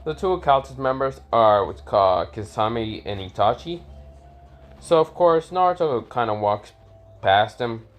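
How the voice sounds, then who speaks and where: A man's voice: medium pitch, expressive, normal speed. A man at home telling an improvised fan story in a casual, rambling way, swearing often and correcting himself. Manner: rambling, profane, self-correcting.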